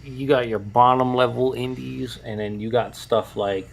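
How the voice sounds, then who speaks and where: An easygoing man co-hosting a podcast, his voice sitting at an ordinary middle pitch. He talks in loose, halting runs, leaning on fillers as he builds his point. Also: gravelly. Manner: relaxed, halting, filler-heavy. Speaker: podcast co-host. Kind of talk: casual podcast chat.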